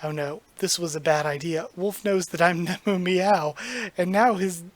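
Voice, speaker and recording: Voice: mid-range voice, steady tone, normal speed, no room sound, natural voice. Reader voicing a flustered young witch. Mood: anxious. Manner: anxious, rambling inner monologue. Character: flustered young witch woman who is secretly a cat.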